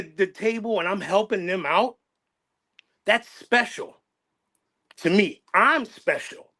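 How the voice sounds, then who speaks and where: A man's voice: sits high, fairly bright tone. A middle-aged man hosting his channel, talking in an emotional, passionate way, repeating phrases and restarting his sentences. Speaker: channel host. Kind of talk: emotional casual chat.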